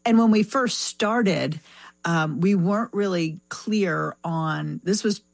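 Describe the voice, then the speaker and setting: A woman's voice: lowish voice, slow pace, gravelly, dry recording. A woman speaking as a foundation representative in an interview, reflective and full of restarts and fillers. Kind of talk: conversational interview.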